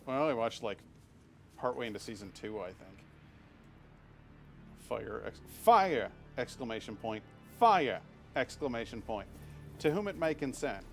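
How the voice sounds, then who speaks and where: A man's voice: medium pitch, fairly quick, faint music behind. A man in his thirties chatting casually while streaming a game, rambling with restarts and frequent swearing. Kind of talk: live game stream commentary.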